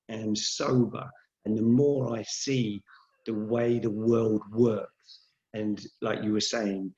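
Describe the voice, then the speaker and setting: A man's voice: fairly low pitch, darkish tone. A man talking candidly and reflectively as a guest in a casual conversation. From Great Britain. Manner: candid, reflective, speaks of sobriety. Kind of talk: casual chat. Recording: dull lo-fi sound.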